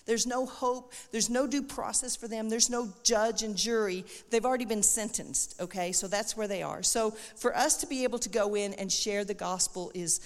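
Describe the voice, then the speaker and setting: A woman's voice: a little high, normal speed, few pauses. Woman telling a story in an echoey hall. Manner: animated storytelling, acts out quoted voices. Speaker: missionary speaker. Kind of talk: church testimony talk. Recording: echoey hall with long reverb.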